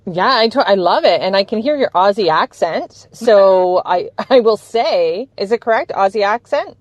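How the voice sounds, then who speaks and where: A woman's voice: medium pitch, expressive, normal speed, dry recording. A woman hosting a conversational interview, enthusiastic and affirming toward her guest. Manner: enthusiastic, affirming, laughs easily. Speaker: host.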